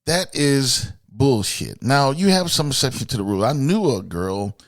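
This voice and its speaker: A man holds forth in an opinionated podcast monologue, blunt and peppered with profanity as he lectures women directly. His voice sits at a middling pitch but leaps up and down expressively, jumping between loud emphatic bursts and quieter muttered asides. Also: animated, normal speed. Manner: voice swings from loud outbursts to low asides. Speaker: podcast host.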